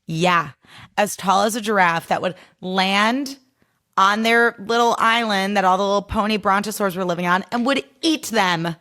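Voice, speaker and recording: A woman hosting her podcast in a casual pop culture chat, animated, profane and full of "like" and "okay?". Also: mid-range voice, moderate pace. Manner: animated storyteller. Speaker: podcast host.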